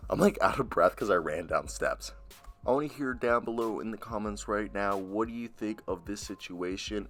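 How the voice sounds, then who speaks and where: A man giving blunt, opinionated basketball commentary on his vlog, talking straight to viewers into a laptop mic. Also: lowish voice. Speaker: sports commentator.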